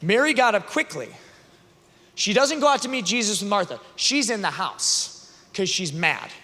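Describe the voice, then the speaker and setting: A man's voice: high voice, normal speed. A man speaking at a youth conference, retelling a scripture story with humor and acting out the characters. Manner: animated, joking, acts out characters. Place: large conference hall. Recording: long reverb of a large venue.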